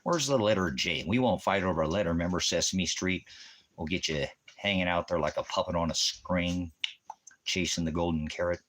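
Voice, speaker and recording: Very deep-voiced man ranting at commenters. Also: fairly quick, a bit bright. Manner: combative, mocking, profane ranting at chat commenters. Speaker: livestream preacher. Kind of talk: rambling livestream commentary.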